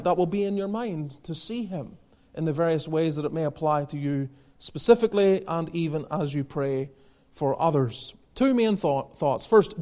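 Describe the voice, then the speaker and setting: A man's voice: on the high side, a little mellow. A man preaching a sermon, earnest and building to emphatic exhortations, quoting old scripture wording. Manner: earnest, rising to emphatic exhortation, quotes King James scripture.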